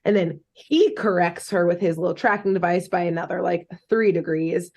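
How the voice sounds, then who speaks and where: A woman's voice: on the low side, normal speed, darkish tone, highs cut off. A woman co-hosting a podcast, retelling a cartoon episode in a jokey, rambling way with many fillers and laughs. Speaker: podcast co-host recapping a cartoon. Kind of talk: casual chat.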